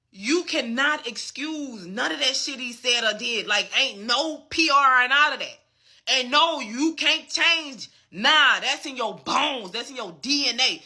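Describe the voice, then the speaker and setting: In a high-pitched, pushed and bright voice, a vlogger unleashes a fired-up commentary rant full of profanity. The delivery is emphatic, punctuated by frequent checks of "you get what I'm saying."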